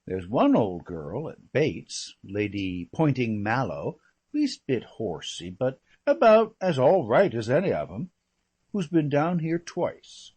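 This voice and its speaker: A man reading aloud as a chatty, flippant young English gentleman who rambles through gossip. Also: medium pitch, wildly swooping pitch, slow pace, husky, heavily acted. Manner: rambling, breezy, full of slangy asides.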